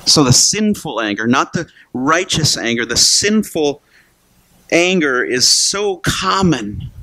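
A man's voice: on the high side, big pitch swings, slow pace, bright, forceful tone, no echo. A man pastor preaching a sermon in a casual conversational way, asking rhetorical questions and acting out Bible characters. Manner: acts out Bible characters in quoted voices.

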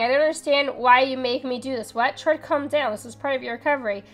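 High-voiced excitable woman streamer. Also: a little fast, hardly any pauses, faint music behind. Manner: chatty and excitable, jumps to loud yelps and shouts. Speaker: streamer playing a horror game. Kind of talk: live let's play commentary, reading game text aloud.

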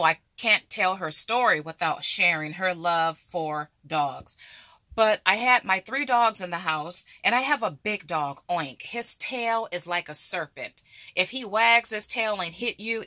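A woman's voice: medium pitch, animated, unhurried, bright, forceful tone, no room sound, clean studio sound. A middle-aged woman vlogger chatting animatedly and directly to her viewers. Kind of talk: casual chat to camera.

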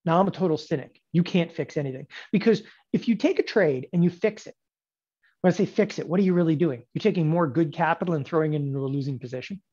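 A man's voice: fairly high pitch, fast talker, mellow, slightly rough, dull audio. Emphatic, sarcastic man in his forties. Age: 40s. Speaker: options trading instructor. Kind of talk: live trading lecture.

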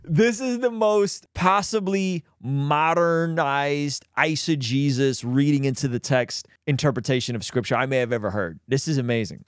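A man hosting a Christian reaction commentary, animated and quick to laugh, explaining and reading Bible passages into a close mic. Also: mid-range voice, clean tone, no echo. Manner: animated, bursts into laughter, reads scripture aloud.

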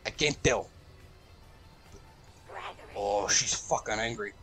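A man hosting a let's play, reacting loudly and profanely, yelling at the game as he plays. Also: lowish voice, takes it slowly, faint music behind. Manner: excitable, profane, shouts at the game. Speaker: gaming channel host.

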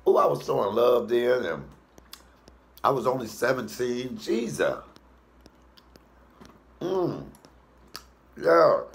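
Lively storytelling comedian with a gravelly voice. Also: male voice, slow, pauses often. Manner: animated, swoops into high falsetto for quoted voices, swears freely. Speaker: comedian cooking show host.

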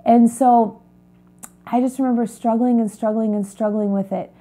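A woman with a fairly high voice speaks straight to her viewers as a health coach. She sounds earnest and confiding, as if she were opening up to friends. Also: steady tone, moderate pace, warm tone. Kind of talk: personal testimony to camera.

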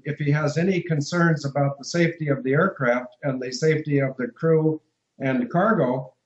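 Brief: talkative male interview guest, slightly high voice, roomy muffled line, emphatic and rambling. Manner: discursive, emphatic, spells out letters. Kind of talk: phone-in radio interview.

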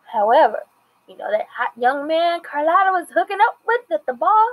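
Woman with a slightly high voice rambling through a tv episode recap, quoting the characters as she goes. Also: very animated, moderate pace, rough recording. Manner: chatty, retells scenes with quoted dialogue. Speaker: TV episode reviewer. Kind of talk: casual recap and commentary.

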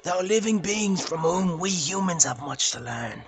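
A man's voice: high-pitched, expressive, normal speed, faint music behind, pitched above the performer's own voice. A man voicing a pompous male cult leader who gives a grand, preachy speech in a game playthrough. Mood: preaching. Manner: grand, preachy oratory, breaking into laughs. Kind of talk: let's play voice acting.

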